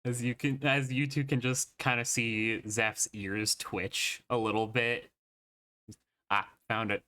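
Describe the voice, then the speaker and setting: A man's voice: mid-range voice, flat delivery, slow pace, pushed and bright. A man playing a tabletop game, chatting casually and teasing the others, laughing often. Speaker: player.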